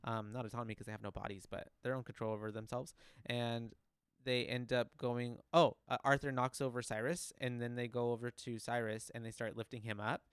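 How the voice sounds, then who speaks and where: Smooth-voiced man rambling through a recap. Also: mid-range voice, little pitch movement, a little fast, no echo, clean studio sound. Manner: rambling recaps with fillers, many "mm-hmm"s. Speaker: podcast co-host. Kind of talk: casual chat.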